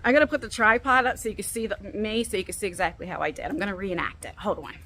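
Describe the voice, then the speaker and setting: A middle-aged woman vlogging as she walks in a park, telling a story casually and acting out her own lines with big leaps in pitch, recorded on a phone. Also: quick pace, a little hiss or hum. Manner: animated, quotes herself with big jumps in pitch. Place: outdoors in a park, walking. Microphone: phone on a selfie stick.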